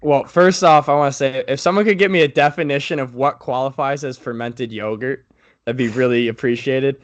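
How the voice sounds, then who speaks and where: A man's voice: mid-range voice, brisk, lo-fi sound. A young man co-hosting a casual sports podcast, running through news in a laid-back way with many fillers. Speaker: podcast co-host.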